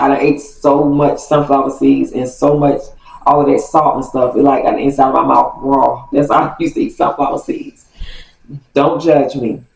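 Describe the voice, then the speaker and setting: A woman telling a story from her childhood to her viewers in a chatty, animated way. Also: sits low, creaky. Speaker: vlogger. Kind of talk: casual storytime. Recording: roomy, distant from mic.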